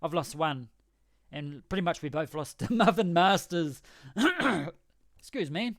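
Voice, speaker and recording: A man's voice: a little high, lively intonation, a little slow, a bit bright, dry recording, clean studio sound. A man chatting casually on a game livestream, rambling, joking and correcting himself as he goes. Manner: rambling, jokey, self-correcting. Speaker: game streamer.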